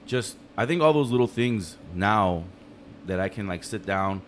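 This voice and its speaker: A man talking casually on a podcast, telling stories in a fast, animated, profane way. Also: on the low side, slight background noise. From United States.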